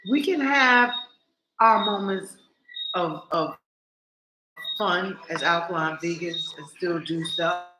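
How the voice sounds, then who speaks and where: A woman vlogging in a casual monologue, animated and blunt, cursing freely and talking straight to her viewers. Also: fairly low pitch, takes it slowly, pauses often, reverberant, low-quality recording.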